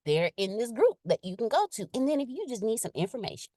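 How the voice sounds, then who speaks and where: A woman's voice: fairly high pitch, quick pace, no room sound, clean studio sound. A woman speaking casually in a live leadership session, chatty and direct, reading out viewer comments with emphatic repetition. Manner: animated and playful, acts out quotes in exaggerated voices. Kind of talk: casual motivational talk.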